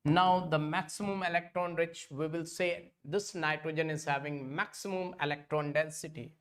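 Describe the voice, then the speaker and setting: A man's voice: on the high side, fairly even intonation, moderate pace, few pauses, fairly bright tone. A man teaching an online exam-prep lecture. He repeats points again and again and keeps calling his students kids.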